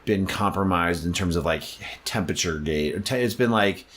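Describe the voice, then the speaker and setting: A man's voice: low voice, moderate pace, fairly bright tone. A man co-hosting a comedy podcast, rambling casually with lots of fillers and restarts. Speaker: podcast co-host.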